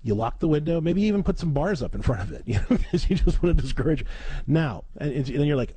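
A man hosting a call-in advice show as a counselor, animated and often repeating words as he talks. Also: a little high, fast, husky, dry recording. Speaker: radio show host and counselor.

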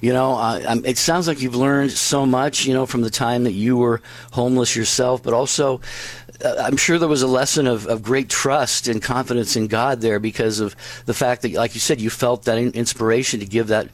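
A man's voice: mid-range voice, fairly even intonation, normal speed, no echo. A male host reflecting on a guest's story, affirming and full of fillers. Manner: warmly affirming, filler-heavy. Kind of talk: interview reflection.

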